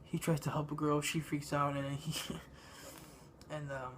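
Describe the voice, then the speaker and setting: A man giving a casual spoken movie review, halting and meandering, with lots of ums and uhs. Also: a little high, little pitch movement, a little hiss or hum. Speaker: film reviewer.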